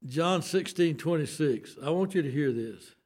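A man's voice: a little high, animated, normal speed, a little mellow. An older man with a Southern US accent preaching a sermon, folksy and emphatic, with homespun asides.

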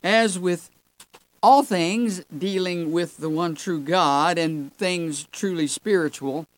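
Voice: medium pitch, slow pace, dry recording, poor audio. A Sunday school preacher giving a Bible teaching sermon, who stresses points by repeating key words and calls the listeners folks.

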